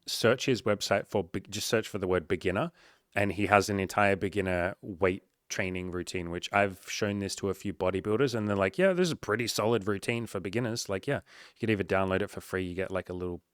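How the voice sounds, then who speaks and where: Male dating coach, lower voice, casual and blunt, dry close-mic delivery. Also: fairly quick, clear, resonant tone, no echo. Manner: frank and upbeat, swears casually. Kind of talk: casual commentary reading a client's update.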